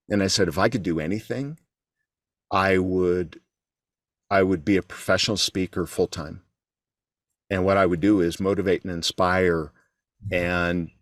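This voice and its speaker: A middle-aged man speaks in a very low voice, recorded dry with no room sound. He is a guest on an interview show, telling a candid, self-deprecating story and often restarting his sentences. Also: no echo.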